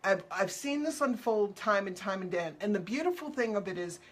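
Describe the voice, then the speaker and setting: A woman's voice: medium pitch, expressive, a little fast. Chatty, upbeat woman host. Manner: chatty and upbeat, acting out quotes playfully; loose, repetitive phrasing with fillers. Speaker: animal communicator hosting a show. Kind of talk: casual live talk answering viewer questions.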